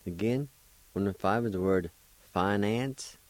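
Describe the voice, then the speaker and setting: Man, radio language teacher, very low voice, slow and patient, dry studio sound. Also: no echo. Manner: deliberate, spells out and repeats each syllable.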